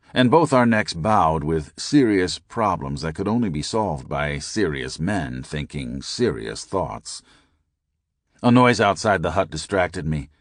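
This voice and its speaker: Deep-voiced man narrating an audiobook. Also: no echo, clean studio sound. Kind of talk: scripted narration.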